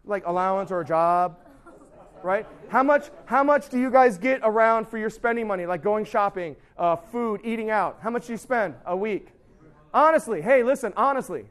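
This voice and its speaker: A young man giving a youth sermon as a pastor, talking casually and acting out the excuses his students make. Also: high-pitched. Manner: conversational and animated, acts out students' excuses.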